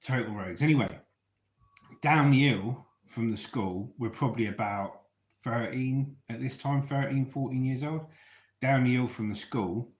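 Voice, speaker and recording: This storyteller vlogger from England speaks in a mid-range voice at a moderate pace, casually recounting his youth to online listeners and often checking in with them. There's a roomy echo on the recording.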